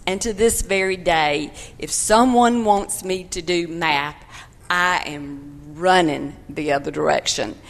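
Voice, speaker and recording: An older woman, earnestly telling a personal testimony to a church congregation in folksy phrases. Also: fairly low pitch. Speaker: church member giving testimony. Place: church sanctuary. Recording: long hall reverb of a church.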